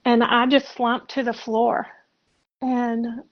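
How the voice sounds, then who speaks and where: Woman in her 60s telling a story on a podcast, soft and reflective, pretty high voice but flat, dull muffled sound. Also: slow pace. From South Carolina. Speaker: podcast guest. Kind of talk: personal storytelling interview. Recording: muffled lo-fi audio.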